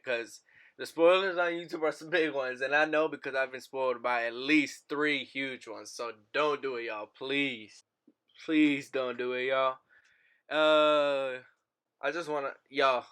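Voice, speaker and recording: A man's voice: mid-range voice, pushed and bright, smooth. A young man hosting a casual podcast, talking to listeners in a laid-back, slangy way. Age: young adult. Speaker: podcast host.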